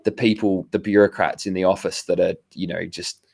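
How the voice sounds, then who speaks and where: Casting: deep, low-voiced Australian guy, rambling storyteller on a video call, acts out other people's lines as he goes. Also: flat delivery, fairly quick, gravelly, a little mellow. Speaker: podcast co-host. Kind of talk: casual chat over a video call.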